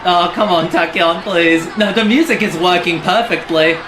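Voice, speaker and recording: A streamer commentating live on a game, reacting excitably and chatting with viewers. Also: medium pitch, moderate pace, echoey room, over music.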